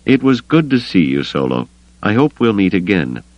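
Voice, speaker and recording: A man voicing a seasoned, confident male senator in an audiobook, measured and assured. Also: sits low, very animated, no echo, lo-fi sound, pitched above the performer's own voice.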